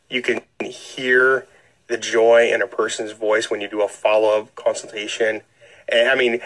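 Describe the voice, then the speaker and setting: A man's voice: mid-range voice, a bit bright, poor audio. A man hosting a radio interview, asking questions in an upbeat, chatty way. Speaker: radio host.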